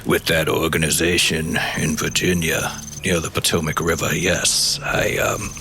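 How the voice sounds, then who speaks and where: A man's voice: very deep voice, flat delivery, unhurried, pushed and bright, a little hiss or hum. A man from the American Midwest telling his story candidly in an interview, animating it with quoted dialogue. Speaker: former intelligence officer guest.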